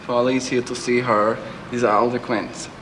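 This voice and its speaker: Serge, an actor playing a fussy gallery clerk with an odd accent. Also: male voice, mid-range voice, level tone, brisk, fairly bright tone, a little hiss or hum, close to an everyday voice. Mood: prim. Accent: unplaceable put-on foreign accent. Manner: prim, polite, mangles English words. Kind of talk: film scene acting.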